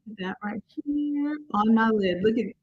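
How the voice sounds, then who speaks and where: A woman's voice: a little high, unhurried, breathy edge, narrow, tinny audio. A woman demonstrating makeup in a casual tutorial, chatty and talking viewers through each step, sometimes quizzing them. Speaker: makeup artist demonstrating products.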